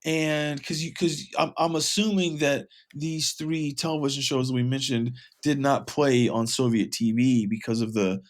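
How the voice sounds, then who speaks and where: A man's voice: mid-range voice, steady tone, normal speed, hardly any pauses. Male co-host: rambling, emphatic, casual. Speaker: podcast co-host. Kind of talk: casual chat.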